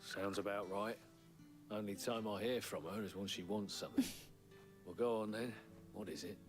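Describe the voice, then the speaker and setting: An actor playing a gruff informant who speaks in a dry, wry tone. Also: male voice, fairly low pitch, fairly even intonation, normal speed, natural voice. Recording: game audio with music. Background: game music.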